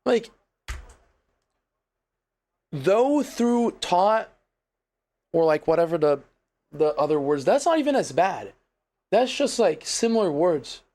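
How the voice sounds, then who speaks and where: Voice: medium pitch, sing-song, slow pace, pauses often, mellow. A streamer from Brazil, a Portuguese speaker, chatting casually and rambling with many fillers and swears. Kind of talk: casual live-stream chat. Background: music playing.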